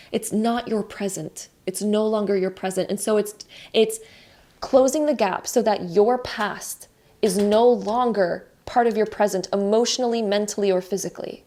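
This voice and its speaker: A woman's voice: mid-range voice, fairly even intonation, normal speed, dark tone. A young woman giving a casual spiritual card reading, chatty and self-laughing, with many fillers and restarts. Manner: chatty, laughs at herself, over-explains with many likes. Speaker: tarot reader.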